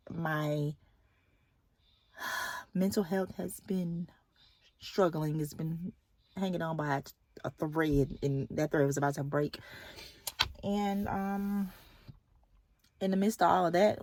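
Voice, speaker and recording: A woman's voice: lowish voice, darkish tone. A young adult woman, a nurse, chatting candidly in a casual vlog and sometimes dropping to a whisper. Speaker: nurse and vlogger. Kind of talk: casual chat. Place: at a kids' sports game.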